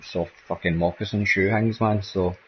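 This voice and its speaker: A man's voice: low-pitched, fairly even intonation, normal speed, dull audio, slight background noise. A man with a Scottish accent chatting casually while playing a game, rambling and tagging nearly every sentence with "man" or "mate". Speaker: gameplay streamer. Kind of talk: casual gameplay chat.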